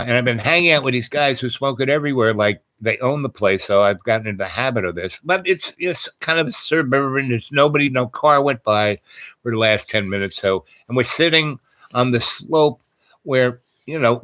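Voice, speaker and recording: A man tells a long personal story in an easygoing, meandering way. He keeps circling back with restarts and filler words, his voice at an ordinary middle pitch. The recording is close and dry, with no room sound. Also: a bit bright, dry recording. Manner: rambling, digressive, many fillers and restarts.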